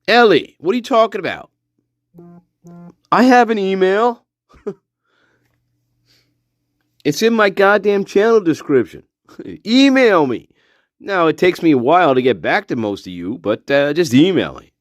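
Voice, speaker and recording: A man's voice: high-pitched, very animated, unhurried, pauses often, no echo. A man hosting a casual livestream, joking, swearing and laughing often. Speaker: channel host.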